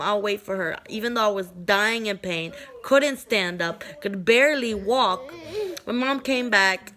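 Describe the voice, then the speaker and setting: A woman's voice: medium pitch, expressive, a little slow, a bit bright. Young woman vlogging, just chatting away, rambly, keeps doing everyone's lines. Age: young adult. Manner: rambling, chatty, full of "like" and acted-out quotes. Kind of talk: casual storytelling.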